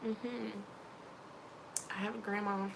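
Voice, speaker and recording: A woman vlogger chatting casually to camera, animated and playful, with slangy asides. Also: medium pitch, takes it slowly, vocal fry, noisy background.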